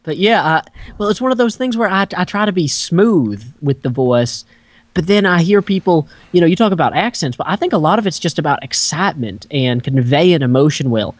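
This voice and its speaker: A man's voice: fairly high pitch, animated, a little fast, no echo. A man with a Southern American twang, a guest in a casual late-night chat, talking in a dry, self-deprecating drawl.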